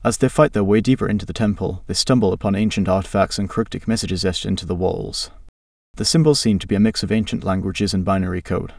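A man reading an adventure story aloud as narrator, in an even, flat storytelling manner. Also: sits low, quick pace, gravelly, no echo, studio quality, recorded from a distance.

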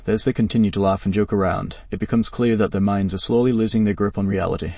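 Gravelly low-voiced male narrator. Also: fast, hardly any pauses, no echo, distant mic. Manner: flat, even read of the story. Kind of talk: scripted story narration.

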